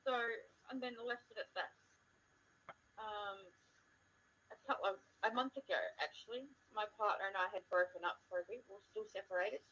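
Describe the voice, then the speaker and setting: A woman's voice: medium pitch, normal speed, sharp tone, husky, poor audio. A young woman telling stories in casual chat, blunt and swearing freely as she talks to her mother.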